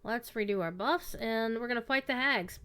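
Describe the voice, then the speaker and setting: A woman's voice: a little high, moderate pace, sharp tone. Chatty woman streaming a game. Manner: chatty, wry, throat-clearing. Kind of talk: casual gameplay commentary.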